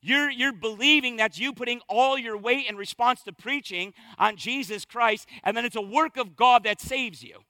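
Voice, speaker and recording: A man preaching a sermon as pastor, with energetic, emphatic delivery and punchy repetition. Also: very high-pitched, moderate pace, hardly any pauses, no echo.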